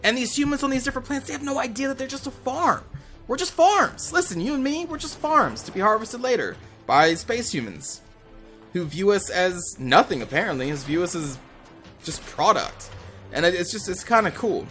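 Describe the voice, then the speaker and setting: A man's voice: sits high, very animated, moderate pace, a bit bright, faint music behind. A young man rambling casually as a gaming channel host, talking over his gameplay with lots of fillers and the odd swear word.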